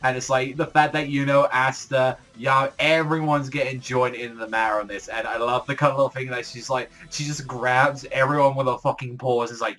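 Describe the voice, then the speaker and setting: Male reviewer, mid-pitched, loose and excitable, swearing freely, faint music bed. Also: moderate pace, few pauses. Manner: rambling, heavy filler words, swears often. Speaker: manga reviewer. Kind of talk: casual reaction commentary.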